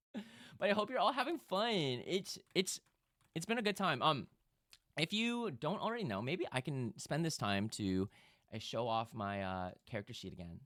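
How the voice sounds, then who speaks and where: Lively, bright-voiced male streamer. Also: fairly high pitch, unhurried, dry recording, clean studio sound. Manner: lively, chatty, breaks into loud laughing outbursts. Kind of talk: casual live-stream chat.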